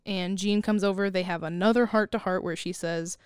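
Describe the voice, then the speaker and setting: Smooth-voiced woman recapping a movie. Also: mid-range voice, brisk, hardly any pauses, no echo, clean studio sound. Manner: animated storyteller, laughs often, quotes characters. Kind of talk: casual movie recap chat.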